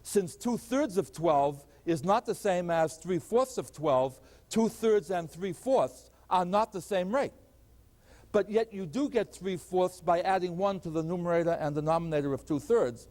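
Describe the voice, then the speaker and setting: A man with a high voice teaches arithmetic at a chalkboard in an old 1980s lecture recording. He keeps asking questions and answering them himself. The hall gives his voice a long, lingering echo. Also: measured pace, a little mellow. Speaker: math professor.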